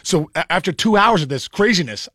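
A man's voice: high-pitched, animated, a little fast, sharp tone, no room sound, clean studio sound. A man co-hosting a casual chat, telling a long story with many restarts and "you know"s. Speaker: podcast co-host, former baseball player.

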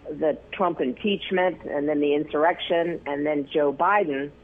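A man telling stories as an interview guest, rambling with many fillers and restarts, his voice gravelly and husky. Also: a little high, moderate pace, faint music behind. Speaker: news photographer, interview guest. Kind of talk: casual interview storytelling. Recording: tinny phone line.

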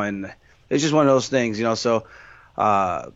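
A man's voice: mid-range voice, normal speed, no echo, lo-fi sound. A man being interviewed about his fighting career, answering in a candid, rambling way with lots of restarts.

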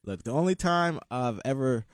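A man's voice: medium pitch, lively intonation, normal speed, dry recording. Guy hosting a laid-back chat, voice goes up and down a lot, dry close sound. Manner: reacts and prods with questions, laughs a lot. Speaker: host. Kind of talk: casual chat.

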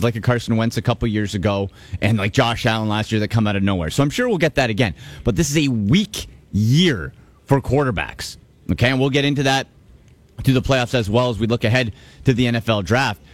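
Energetic sports radio host, dry studio sound. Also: male voice, medium pitch, no room sound. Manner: energetic, emphatic, repeats for stress. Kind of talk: sports radio talk show. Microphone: studio microphone.

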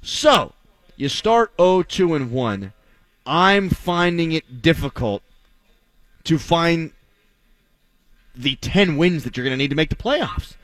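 A man's voice: fairly high pitch, lively intonation, takes it slowly, pauses often, a bit bright, no room sound. A man hosting a sports talk radio show, delivering a blunt, sarcastic, opinionated monologue.

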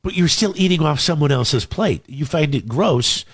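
A man's voice: a little high, animated, normal speed, slightly rough. A man in casual banter as a co-host, teasing and asking probing questions.

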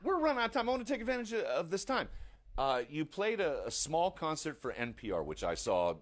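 A man's voice: fairly high pitch, sing-song, a little fast. A man from the Midwest hosting an interview, asking questions in a joking way. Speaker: radio host, interviewer. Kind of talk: casual interview.

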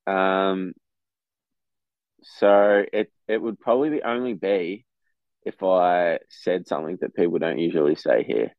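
A man's voice: deep voice, unhurried, dry recording. A young Australian man with an Australian accent, chatting as a guest on a podcast in a laid-back, frank way. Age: young adult. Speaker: guest athlete. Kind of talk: casual podcast chat. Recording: tinny phone-like line, dry.

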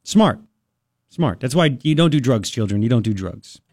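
Male talk radio host, animated delivery, dry close sound. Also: mid-range voice, moderate pace, no echo. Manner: animated, laughing, mocking voices. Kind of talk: casual talk radio banter.

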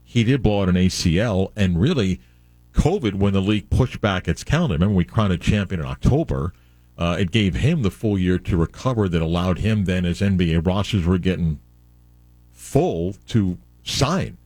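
Man, sports radio host, low pitch, dry close sound, chatty with fillers. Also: animated, normal speed, a little mellow, no room sound. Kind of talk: casual sports talk.

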